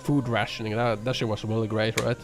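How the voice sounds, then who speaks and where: A livestreamer with a lowish, fairly flat voice talks a little fast as he chats with viewers and reacts to their comments. He's sarcastic and profane, rambling with plenty of fillers, and music plays underneath his voice.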